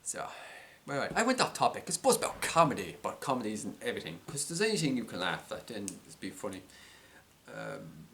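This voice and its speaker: A low-voiced Irish man thinking out loud in a loose, unscripted monologue. He stalls on fillers and restarts words, drifting from point to point as he talks. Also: huge pitch swings, brisk, creaky, slight background noise. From Ireland. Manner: rambling, hesitant, full of ums and restarts. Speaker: vlogger. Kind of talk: casual monologue.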